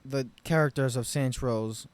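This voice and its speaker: A man giving an unscripted game review rant, rambling and profane, with frustrated loud bursts. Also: mid-range voice, steady tone, unhurried, dry recording. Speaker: game commentary vlogger.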